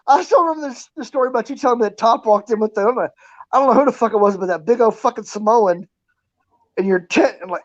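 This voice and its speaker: A woman's voice: on the high side, quick pace, no room sound. A woman and army veteran, telling crude barracks stories in casual chat, full of swearing and laughter. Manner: profane, laughing storyteller. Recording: muffled lo-fi audio.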